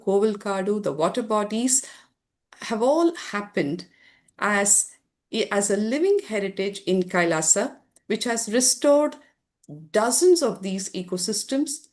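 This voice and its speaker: A woman presents slides to a conference audience at a slow, deliberate pace. Her voice sits a little high, and she lectures earnestly, pausing on fillers. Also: a little mellow. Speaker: presenter at a summit session. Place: conference room.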